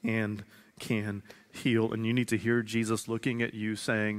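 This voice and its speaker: A man in his thirties preaching a sermon to his congregation, earnest, repeating phrases slowly for emphasis and dropping from loud to hushed. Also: fairly low pitch, level tone. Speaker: pastor. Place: large church sanctuary. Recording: long reverb of a large hall.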